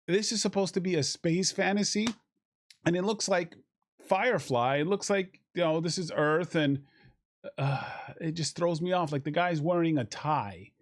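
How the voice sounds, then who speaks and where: A man reviewing a film in casual chat, rambling and animated, swearing casually. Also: fairly high pitch, normal speed.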